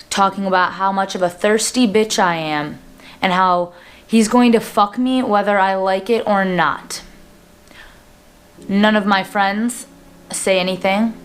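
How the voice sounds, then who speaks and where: A woman's voice: medium pitch, clear, resonant tone. A young woman in her twenties talking to camera in a personal vlog, earnest and plain-spoken with frequent fillers. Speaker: vlogger.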